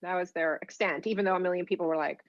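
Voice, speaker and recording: A middle-aged woman guest telling her story in an animated, rambling way, full of fillers and restarts. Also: fairly low pitch, fast, no room sound. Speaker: guest author. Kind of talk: casual storytelling interview. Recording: dull, dry remote audio.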